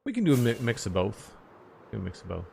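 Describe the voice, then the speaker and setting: A man's voice: on the low side, fast talker, creaky, slight background noise. A man streaming a building game, chatting casually with his viewers while he works. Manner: relaxed, chatty, talks to chat while building. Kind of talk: casual live-stream chat while playing.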